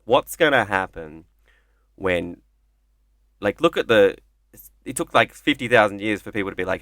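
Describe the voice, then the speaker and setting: A man holds forth in casual podcast chat, rambling from one idea to the next and peppering it with profanity. His voice sits low, recorded close and dry with no room sound. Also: expressive, fairly bright tone, no room sound. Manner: rambling, profane, acts out voices in quick asides.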